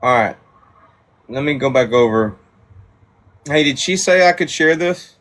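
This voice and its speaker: A man's voice: medium pitch, expressive, unhurried, fairly bright tone. A man chatting casually in a laid-back, offhand way. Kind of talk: casual chat.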